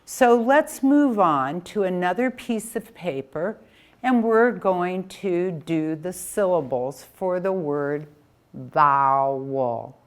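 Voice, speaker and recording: Slow, calm woman teaching phonics. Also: lowish voice. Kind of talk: patient phonics instruction.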